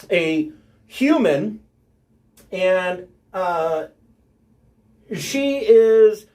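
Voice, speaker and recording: A man narrating a tabletop game as game master, halting and filling gaps with ums and uhs. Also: high-pitched, a little mellow.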